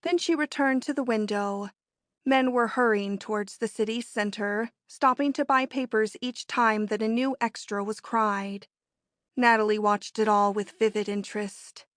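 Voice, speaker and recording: A woman's voice: fairly high pitch, fairly even intonation, normal speed, a bit bright, no echo, studio quality. Woman narrating a classic novel. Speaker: audiobook narrator. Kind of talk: scripted narration.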